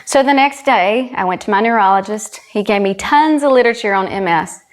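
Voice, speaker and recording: Here a female country singer appears as a guest, her medium-pitched voice lively in intonation and fairly fast. With a Southern US accent from South Carolina, she tells a personal story in earnest, recounting what people said.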